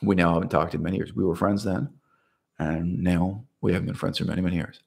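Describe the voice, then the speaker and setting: Low-voiced man in a rambling monologue. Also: fairly even intonation, fast, creaky, slightly rough. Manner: rambling, with restarts and asides. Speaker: video essayist. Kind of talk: casual unscripted monologue.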